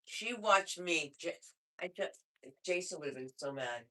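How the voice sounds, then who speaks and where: Loud excitable woman hosting comedy night. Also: fairly low pitch, a little slow, poor audio. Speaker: show host. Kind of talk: hosting a comedy open mic. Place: small comedy club room.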